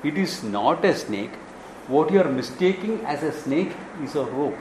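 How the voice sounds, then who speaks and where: A man from Kerala with an Indian accent, giving a Vedanta discourse as a spiritual teacher, animated and quick to act out little dialogues with chuckles. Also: on the high side, echoey room, noisy background. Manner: animated storytelling, acts out dialogues, chuckles often.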